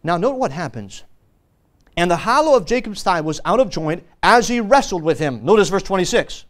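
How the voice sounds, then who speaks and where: A man with a very high-pitched voice delivers a sermon from the pulpit. He preaches emphatically, pressing hard on key words and then dropping suddenly into a hush. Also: big pitch swings, moderate pace. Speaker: pastor. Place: church service.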